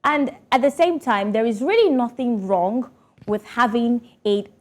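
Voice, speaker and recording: A woman's voice: on the high side, measured pace. A woman studio guest speaking earnestly in a panel discussion, explaining her view with many fillers.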